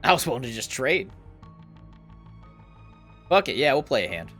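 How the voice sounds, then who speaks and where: A man's voice: mid-range voice, big pitch swings, normal speed, a bit bright, soft background music. A man doing a cocky, cursing gambler. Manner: cursing, offhand.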